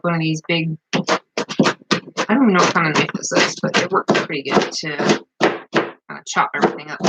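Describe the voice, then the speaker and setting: A woman's voice: deep voice, very noisy. A woman chatting casually as she shows a recipe at her farmhouse table, rambling with plenty of fillers. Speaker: home cook vlogger. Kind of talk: casual cooking demonstration.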